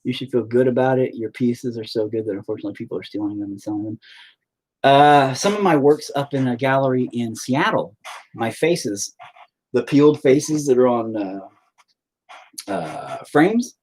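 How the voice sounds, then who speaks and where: A man's voice: medium pitch, moderate pace, a little mellow, husky. A man talking to his live stream viewers while painting, in a candid, profane and self-deprecating ramble. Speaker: artist livestreaming while painting. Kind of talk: casual rambling chat. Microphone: laptop mic on a live stream.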